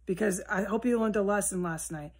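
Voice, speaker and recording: A woman's voice: medium pitch, brisk. Woman, solo vlog monologue, at home indoors, rambling, profane, mutters then flares up. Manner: rambling and profane, drifting between muttering and heated outbursts. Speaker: vlogger. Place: at home, indoors with a window open.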